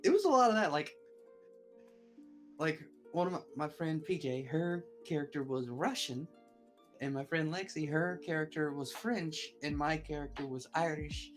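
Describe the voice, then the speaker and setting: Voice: medium pitch, normal speed, soft background music. Giggly, rambling podcast co-host. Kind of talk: casual chat.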